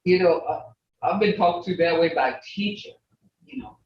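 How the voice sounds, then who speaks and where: An older woman teaching an online language class, patiently repeating words slowly for her learners. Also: lowish voice, recorded from a distance, a little hiss or hum. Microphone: video call. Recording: roomy lo-fi video call audio from off-mic.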